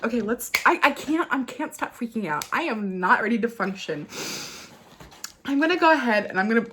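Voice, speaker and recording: A young woman vlogging a beauty unboxing, gushing and tearful with excitement, talking straight to the camera. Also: a little high, brisk, noisy background.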